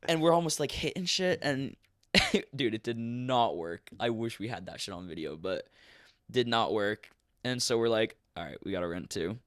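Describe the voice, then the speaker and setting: A young man tells a story on a podcast, animated and loose, swearing and acting out the people in it in a mid-pitched voice. The sound is close and dry with no room around it. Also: normal speed, no echo. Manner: animated, swearing, acts out quotes. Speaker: podcast guest. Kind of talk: casual storytelling.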